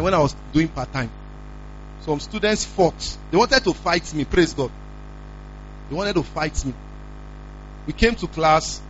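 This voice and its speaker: A man preaching a sermon, telling a personal story with lively acted-out dialogue and repeating "praise God" between lines. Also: high-pitched, lo-fi sound, slight background noise. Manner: animated storytelling, repeating "praise God", acting out quoted voices.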